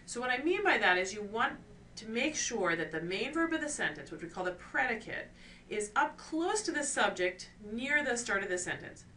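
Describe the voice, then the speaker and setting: Woman course lecturer with a bright, forward tone, teaching clearly with rhetorical questions, recorded from a little way off. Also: a little high, very animated, normal speed. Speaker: course instructor. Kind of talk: recorded lecture on scientific writing. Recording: distant mic with faint ambient noise.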